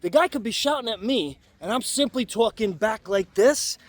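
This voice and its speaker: Male vlog host, high-pitched speaking voice, emphatic conversational delivery of workplace advice. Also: lively intonation, moderate pace, no echo. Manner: emphatic, conversational, repeats points with "okay?". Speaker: leadership channel host. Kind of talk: casual talking-to-camera advice.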